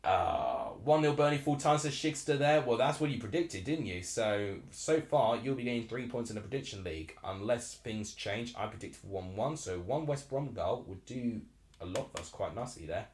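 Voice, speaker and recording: A man's voice: fairly low pitch, expressive, normal speed, a little mellow, echoey room. A young man from Essex in his twenties, hosting a live football watchalong and chatting in a rambling way as he reacts aloud to the match. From Essex, England. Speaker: live stream host.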